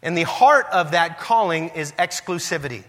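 A male pastor delivers a sermon in an easy, conversational storytelling manner. His voice is bright and forceful, a little higher than most men's. It rings with the long reverb of a church. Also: lively intonation, moderate pace.

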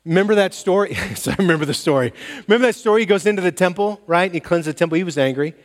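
A man's voice: high voice, racing. A man preaching a sermon as pastor, telling stories and acting out bits of dialogue. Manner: animated storytelling, acts out dialogue. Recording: long reverb of a large hall.

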